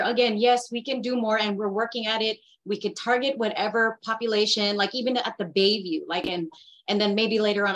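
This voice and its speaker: A woman speaks earnestly over a video call in a casual group discussion. She often stops, restarts and fills gaps with "um" and "like" as she feels her way through her thoughts, at an ordinary, middle pitch for a woman. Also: fairly bright tone, low-quality recording. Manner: halting, many restarts and fillers, earnest. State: getting emotional. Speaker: workshop participant.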